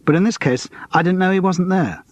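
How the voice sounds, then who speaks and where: A man's voice: high-pitched, fairly quick, no room sound, pitched above the performer's own voice, lightly acted. A man reading an audiobook, voicing a young male escort and out-of-work actor who talks in a breezy, cheeky, gossipy way.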